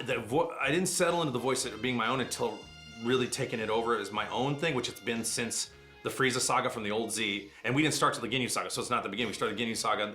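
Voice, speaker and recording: A middle-aged man, a voice actor, telling animated stories in a casual interview. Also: mid-range voice. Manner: fast, animated anecdotes with quick asides.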